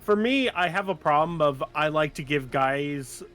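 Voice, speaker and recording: A man's voice: a little high, animated, normal speed, fairly bright tone, clean tone, faint music behind. A man chatting easily while playing a game with a friend, mostly giving short agreeable replies. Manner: easygoing, agreeable, brief replies. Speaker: co-player. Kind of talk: casual gameplay chat.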